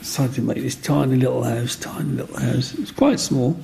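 An older man, telling stories from his life in an interview with lively energy. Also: mid-range voice, a little fast, vocal fry. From Black Country, England. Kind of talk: animated personal storytelling.

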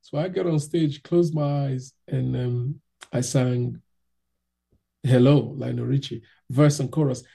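A man with a very dark, gravelly voice tells a story in an interview, casual and animated. His tone is husky and a little rough, and he slips into the voices of the people he describes. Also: medium pitch, measured pace. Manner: animated, acts out voices in anecdotes.

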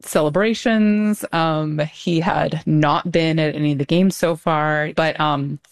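A woman's voice: sits low, steady tone, unhurried. A woman talking as a guest in casual conversation, explaining things thoughtfully with many ums and light laughter. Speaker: guest commentator.

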